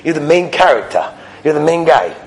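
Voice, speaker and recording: A man giving a weekly Torah lecture, an animated storyteller who acts out the dialogue and swings between loud exclamations and soft asides. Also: on the high side, fairly quick, gravelly, rough recording. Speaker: Torah teacher.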